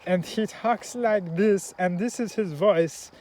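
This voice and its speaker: A young man chatting casually about a film he loves, rambling, laughing and stacking up fillers. His voice sits a little high for a man, with faint noise behind him. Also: takes it slowly, a little mellow, poor audio. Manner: rambling, laughing movie recap full of fillers. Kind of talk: casual chat.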